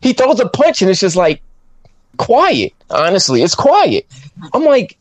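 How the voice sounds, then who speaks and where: Man, casual podcast chat, slangy, swooping animated pitch, slightly high voice, dry close sound. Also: unhurried, no room sound. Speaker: podcast co-host reviewing a film.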